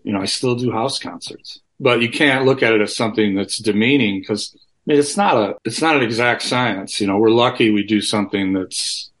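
A man's voice: fairly low pitch, brisk, a bit bright. A man speaking as a guest in an interview, talking frankly and with plenty of profanity, rambling with many restarts over a remote call from his home. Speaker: guest musician. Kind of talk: candid conversational interview.

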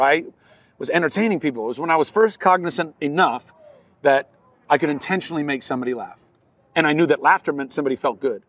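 A man's voice: fairly high pitch, a bit bright, distant mic. A man, an actor, talking earnestly and reflectively in an interview, often laughing.

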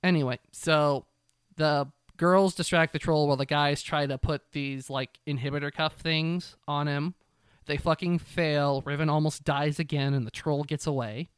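Brief: young male co-host, lively storyteller, swears a lot, clear voice on the higher side. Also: moderate pace, no echo, studio quality. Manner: animated storytelling, swears freely, acts out characters. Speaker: podcast co-host. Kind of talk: casual recap chat.

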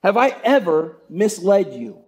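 A man's voice: high voice, big pitch swings, unhurried, a little mellow. A pastor voicing a talking male donkey in a sermon retelling, asking his rider why he keeps being hit. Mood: pleading.

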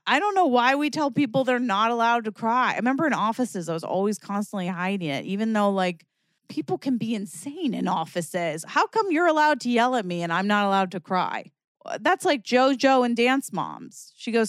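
A young adult woman hosting her own podcast, talking candidly and expressively in a casual solo monologue, from lively bursts to quiet reflection. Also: on the high side, moderate pace, no room sound, clean studio sound. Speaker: podcast host.

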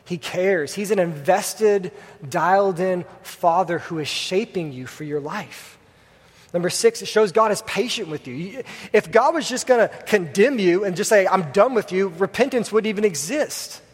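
A man's voice: high-pitched, lively intonation, normal speed, breathy edge. A young man preaching a sermon in a church, telling a story casually with many fillers. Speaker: pastor. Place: church hall with congregation. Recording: long hall reverb.

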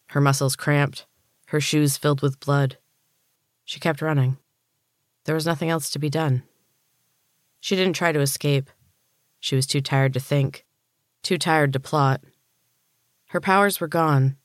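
A woman author and podcast host reading her own story aloud in a steady, measured narration. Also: sits low, no echo, studio quality. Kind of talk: audiobook-style story reading.

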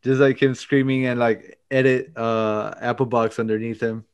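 A man's voice: mid-range voice, level tone, normal speed, smooth, dull audio. A man hosting a casual podcast chat, talking loosely and profanely and laughing often. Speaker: podcast host.

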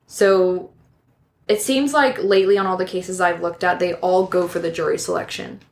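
A woman's voice: fairly low pitch, steady tone, normal speed. A woman hosting a true crime podcast, reading a case from notes in a casual way with asides and self-corrections.

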